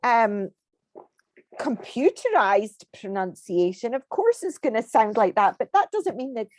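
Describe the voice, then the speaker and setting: A woman's voice: on the high side, big pitch swings, unhurried, dry recording. A Scottish woman co-hosting a podcast, chatting casually in a laid-back, teasing, amused way. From Scotland. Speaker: podcast co-host. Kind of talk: casual chat.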